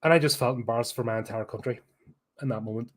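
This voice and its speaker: A man's voice: medium pitch, fast. Sarcastic Belfast man ranting about films. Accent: Northern Irish, Belfast. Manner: blunt, sarcastic, sweary. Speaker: podcast host, film reviewer. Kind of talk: casual film review rant.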